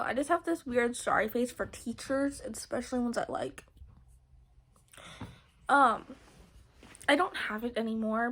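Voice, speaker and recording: A woman's voice: a little high, a bit bright. A teenage girl telling a rambling, giggly story to her viewers, full of fillers and restarts. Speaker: vlogger. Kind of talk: casual storytelling to camera.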